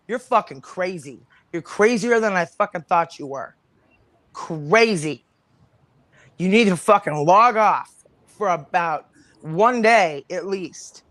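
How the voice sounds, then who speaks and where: A woman's voice: medium pitch, a bit bright, dry recording. A woman on a livestream panel, delivering an angry, confrontational rant full of swearing.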